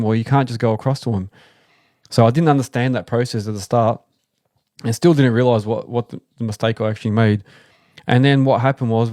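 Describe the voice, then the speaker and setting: A man's voice: mid-range voice, dry recording, studio quality. An Australian man hosting a live stream, casually telling stories about starting his business, rambling with fillers and acting out what people said. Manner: relaxed, rambling, acts out quoted people. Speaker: host, excavation business owner. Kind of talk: casual livestream storytelling.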